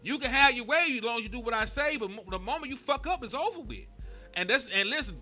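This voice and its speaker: High-pitched guy talking football trash, super animated, bright voice. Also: fast, soft background music. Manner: animated, profane, laughing banter. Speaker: co-host. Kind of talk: casual sports chat.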